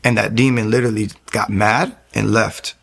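Gravelly low-voiced young man. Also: fairly even intonation, a bit bright. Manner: candid, earnest, halting with restarts. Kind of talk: personal testimony.

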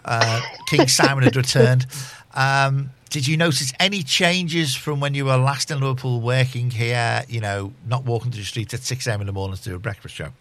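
A man hosting a casual radio chat, teasing his guest and telling animated stories. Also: medium pitch, moderate pace. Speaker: radio host.

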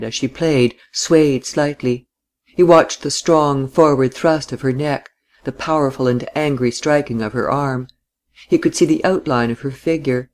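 A man narrating a novel in a measured, even reading style. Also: mid-range voice. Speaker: audiobook narrator. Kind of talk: scripted narration.

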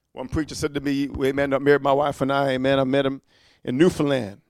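A man's voice: medium pitch, monotone, fast talker, darkish tone, clean tone, no room sound, clean studio sound. A man preaching a sermon, emphatic and rhetorical, prodding listeners with repeated "amen?" and "huh?".

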